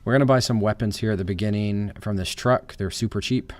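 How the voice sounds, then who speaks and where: A man with a Southern US accent giving casual commentary over a game in a relaxed, thinking-aloud way. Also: lowish voice, a little fast, dry recording. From American South. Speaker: let's play host.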